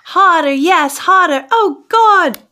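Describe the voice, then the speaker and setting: A woman playing a loud, eager lover. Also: a little high, moderate pace, slight background noise, natural voice. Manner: breathy, over-the-top moaning delivery.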